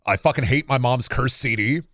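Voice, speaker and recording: A man's voice: mid-range voice, brisk, fairly bright tone, no room sound. Thirties male streamer, loose rambling chat, curses a lot, dry close sound. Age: 30s. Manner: rambling and profane, with bursts of playful baby talk. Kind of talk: casual live-stream chat. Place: home.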